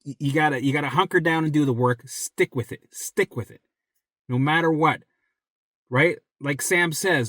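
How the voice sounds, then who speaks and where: A man's voice: normal speed, dry recording. Blunt, swearing man coaching viewers. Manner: blunt, swears a lot, repeats himself for emphasis; drops to a low, soft, close voice when reassuring. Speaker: recovery coach. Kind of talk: direct motivational talk to viewers.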